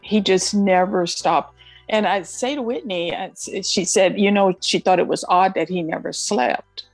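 A middle-aged woman, the mother, recounting a conversation in a slow, deliberate way. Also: medium pitch, no room sound, faint music behind. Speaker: interviewee, the mother.

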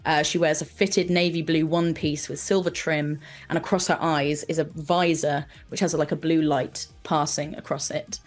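Low-voiced British woman running the game. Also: fairly even intonation, faint music behind. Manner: brisk narration, plays the non-player characters. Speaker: game master. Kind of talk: narrating a tabletop role-play game.

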